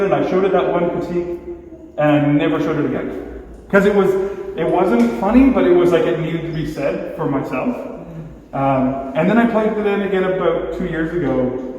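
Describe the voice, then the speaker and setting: A male artist telling personal stories at a gallery talk, animated, acting out quoted dialogue and leaning on "like". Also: on the high side, slight background noise. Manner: animated, acts out quoted dialogue with filler 'like'. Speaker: exhibiting artist. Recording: echoey hall, distant mic.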